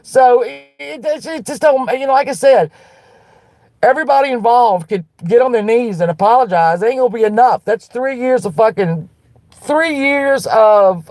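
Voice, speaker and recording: A woman hosting a livestream, ranting bluntly with lots of swearing and restarts while answering her chat, then turning soft to apologize. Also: on the high side, no echo. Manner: blunt and profane, with frequent restarts; fired-up and defiant, turning soft when apologizing. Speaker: livestream host.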